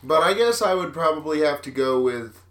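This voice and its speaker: A man from Texas co-hosting a podcast, talking in a rambling, halting way with lots of fillers. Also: fairly high pitch, lively intonation, a bit bright, reverberant. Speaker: podcast co-host. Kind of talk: casual chat.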